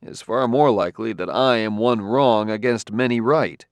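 A man voicing a wary male detective who talks crisply and gives orders. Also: lowish voice, moderate pace, no echo, natural voice. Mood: commanding. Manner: sharp, giving crisp orders.

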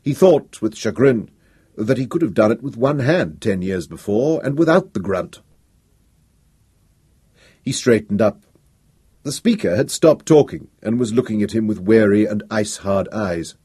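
A man narrating a story in an expressive, dramatic storytelling style. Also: lowish voice, measured pace, slightly rough. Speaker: audiobook narrator. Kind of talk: scripted narration.

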